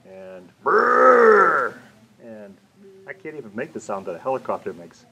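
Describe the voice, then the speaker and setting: A man's voice: on the low side, animated, fast talker, poor audio. An older man reading a children's picture book aloud at a library storytime, playful with sound effects and sing-song repetition, then chatting with the kids. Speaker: storytime reader. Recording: faint room noise, community TV recording.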